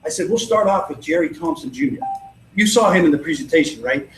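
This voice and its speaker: A man with a high voice leads a motivational sales training, telling stories and acting out both sides of the dialogue. He sounds confident and persuasive. The room is echoey, with a faint hiss of noise underneath. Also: expressive, fast, fairly bright tone. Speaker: network marketing trainer. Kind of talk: motivational training talk with storytelling. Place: event venue.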